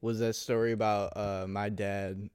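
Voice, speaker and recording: A man's voice: on the low side, flat delivery, a little slow, a little mellow, clean tone, dry recording, clean studio sound. A young man co-hosting a podcast, chatting casually with crude jokes and acting out his own stories. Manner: joking, swearing, acts out stories. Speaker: podcast co-host. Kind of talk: casual crude comedy chat.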